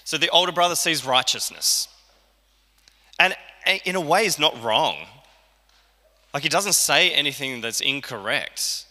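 Aussie pastor preaching casual-style, super bright voice, big echoey hall. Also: male voice, fairly high pitch, measured pace, long pauses. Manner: conversational preaching, acts out quoted lines. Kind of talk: sermon. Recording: church hall reverb.

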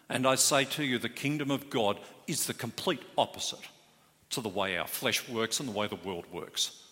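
A man's voice: mid-range voice, normal speed, bright, forceful tone. A man preaching a sermon as pastor, earnest and emphatic, stressing key words. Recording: hall reverb.

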